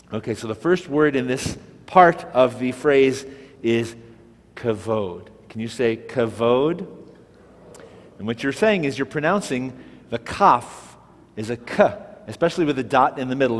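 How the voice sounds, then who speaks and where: Male teacher, patient and methodical, mid-pitched voice, hall reverb. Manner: patient, step-by-step, prompts listener to repeat words. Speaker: Hebrew teacher. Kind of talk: classroom-style language lesson.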